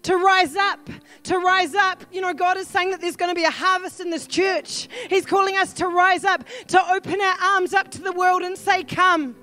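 A woman pastor with a New Zealand accent preaching a sermon, earnest and pleading, building at times to shouts. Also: very high voice, flat delivery, a little fast, few pauses, faint music behind.

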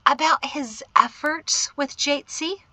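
A woman reading as Mari, a brisk older mother-in-law. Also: high-pitched, pushed and bright, dry recording, voice pushed up, full character voice. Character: spirited older mother-in-law, blunt and teasing.

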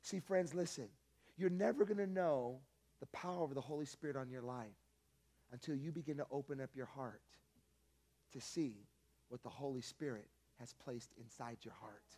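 A man's voice: mid-range voice, normal speed, dark tone. A male pastor preaching a sermon in a conversational, emphatic storytelling manner.

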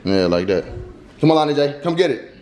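A man's voice: medium pitch, sing-song, fairly quick, darkish tone, a little hiss or hum. Playful young man coaxing a baby. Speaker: vlogger parent. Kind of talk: casual family vlog. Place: family home.

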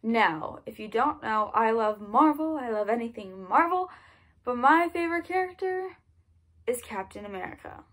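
Gushing, chatty young-sounding woman vlogger. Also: a little high. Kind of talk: casual gift haul vlog.

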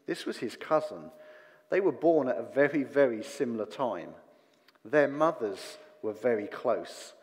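A man giving a sermon in a relaxed, conversational way, with self-deprecating asides and fillers. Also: mid-range voice, measured pace. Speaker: preacher. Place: church hall. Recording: long church reverb.

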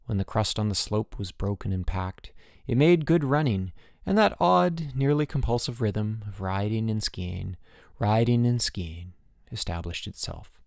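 A man narrating a literary audiobook in a measured, quiet and somber reading. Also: on the low side, no echo, studio quality.

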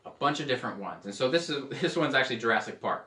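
A man gives a casual teaching sermon, joking and chatty, now and then trying on playful accents. His voice sits at an ordinary middle pitch. The mic is set back from him, and the room adds a noticeable echo. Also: expressive, quick pace, hardly any pauses, bright, forceful tone. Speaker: preacher. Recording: echoey room, mic at a distance.

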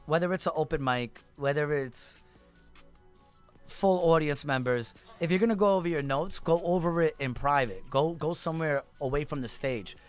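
A man, a stand-up comedian, chatting casually on a podcast with emphatic, animated storytelling. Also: fairly high pitch, normal speed, clear, resonant tone, soft background music. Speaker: comedian and show host.

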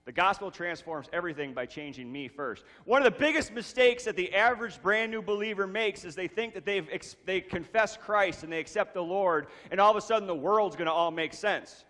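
A man's voice: high-pitched, lively intonation, a little fast, sharp tone. A man preaching a sermon, reading scripture and then explaining it with emphatic repetition of key phrases. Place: church sanctuary. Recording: long reverb of a church hall.

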